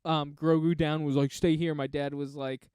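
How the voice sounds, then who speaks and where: A young man co-hosting a casual podcast chat, animated and laughing often, slipping into quick impressions. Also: a little high, clear, resonant tone, no room sound, clean studio sound. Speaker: podcast co-host.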